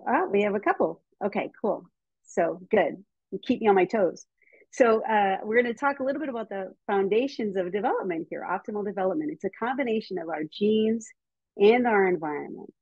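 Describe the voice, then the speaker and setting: An American woman giving a lively, chatty talk to teachers and parents over a video call, with frequent ums. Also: mid-range voice, breathy edge, no echo. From United States. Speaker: speaker on child development. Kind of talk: casual lecture to teachers and parents. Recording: dull, slightly muffled video call audio.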